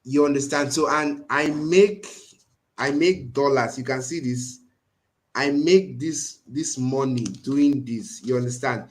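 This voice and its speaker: A man's voice: medium pitch, a little slow. A man teaching a design tool in a live screen-share tutorial, earnestly checking in with his students again and again. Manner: earnest, keeps checking in with "right?" and "you understand?". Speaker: design instructor.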